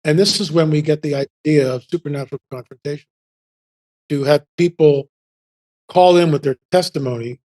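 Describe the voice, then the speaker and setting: A man in his seventies, a podcast guest telling casual stories in an animated, rambling way full of restarts. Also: on the high side, normal speed. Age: 70s. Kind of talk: casual storytelling.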